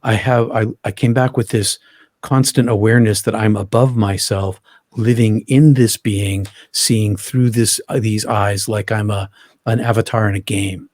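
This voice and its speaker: A man telling his own story as an interview guest, halting, often restarting and repeating words. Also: on the low side, fairly even intonation, darkish tone, no room sound, studio quality.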